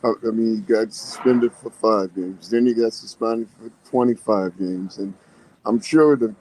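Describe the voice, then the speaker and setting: An older man chats casually on a podcast, spinning folksy stories from his working life. He laughs easily and talks in a relaxed, plain way. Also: on the low side, unhurried, low-quality recording. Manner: storytelling, folksy, laughs often. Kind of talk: casual chat.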